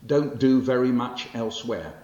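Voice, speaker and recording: The roomy, muffled hall recording, with faint hiss, captures a sixty-something English poet lecturing in a library and reading poems. His mid-range, mellow voice moves at a moderate pace, wry and conversational, with fillers and self-corrections.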